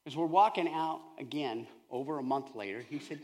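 A man preaching a sermon, telling a humorous family story in a lively, conversational way. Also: on the high side, normal speed. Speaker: pastor.

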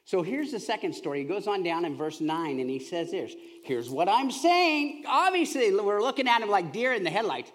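A male pastor preaching a sermon with animated storytelling, swinging from loud to hushed. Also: high voice, brisk, few pauses, a little hiss or hum.

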